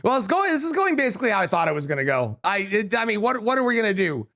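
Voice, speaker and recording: A streamer giving live gameplay commentary, excitable, yelling, swearing and pleading with teammates. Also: medium pitch, fast talker.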